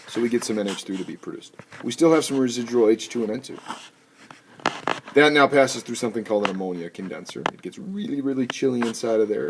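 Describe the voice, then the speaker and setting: Guy teaching chem, kinda low voice, goofy and upbeat, noisy recording w clicks. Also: gravelly. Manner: playful, animated, jokey asides. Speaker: chemistry teacher. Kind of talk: recorded lecture.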